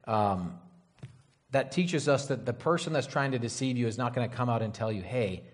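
A man's voice: mid-range voice, moderate pace. Casual rambling male preacher. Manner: casual, rambling, frequent "right?" and "you know". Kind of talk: conversational sermon.

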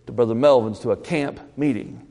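A man's voice: mid-range voice, a little fast. Guy preaching a sermon, keeps restarting words, long church hall echo. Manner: animated, repeats words, stammers at starts. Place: church sanctuary.

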